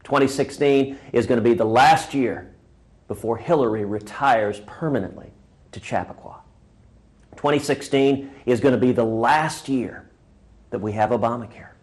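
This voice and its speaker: A man's voice: medium pitch, moderate pace. A man, a presidential candidate, giving a punchy speech-style holiday greeting and telling a joke. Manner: punchy, rhetorical, builds by repetition.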